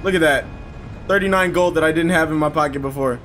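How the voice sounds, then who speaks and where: A man's voice: on the high side, fast, fairly bright tone, a little hiss or hum. A young man casually commenting on gameplay, joking and sarcastic toward the characters. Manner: jokey, sarcastic, mocks the game characters. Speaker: gaming channel host.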